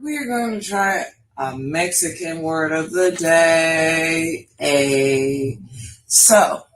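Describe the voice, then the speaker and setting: A woman's voice: low-pitched, poor audio. A woman co-hosting a live stream, leading a word game and answering her co-host with exasperated teasing. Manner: slow, deliberate, exasperated teasing. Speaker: co-host running word games. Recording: faint background noise.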